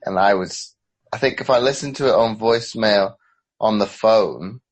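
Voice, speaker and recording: Very deep man with hybrid accent. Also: normal speed, low-quality recording. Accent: hybrid British and American. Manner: hesitant, restarts and sighs. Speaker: podcast host. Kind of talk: casual conversation.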